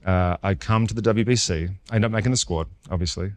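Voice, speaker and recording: A man in his forties with an Australian accent, a former pitcher guest telling his story in a casual interview and acting out the dialogue. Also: fast. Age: 40s. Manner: lively storyteller who acts out quoted dialogue.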